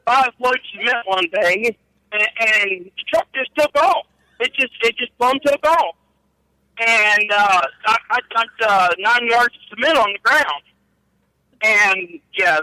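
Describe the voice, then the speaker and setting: Middle-aged man, bright tense voice, rambling profane storyteller, dry close sound. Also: sits high, dry recording, poor audio. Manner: rambling, profane, laughing at his own stories. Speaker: guest storyteller. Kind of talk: casual storytelling.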